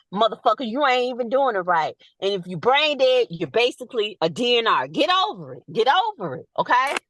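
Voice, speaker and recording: A woman, a nurse, ranting bluntly and profanely in casual chat, loud and animated. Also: mid-range voice, no room sound. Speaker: nurse, guest.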